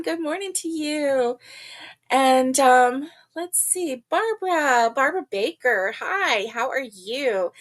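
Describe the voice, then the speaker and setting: An older woman hosts a casual livestream chat, speaking slowly and easily in a slightly high voice. She laughs a lot and welcomes viewers one at a time.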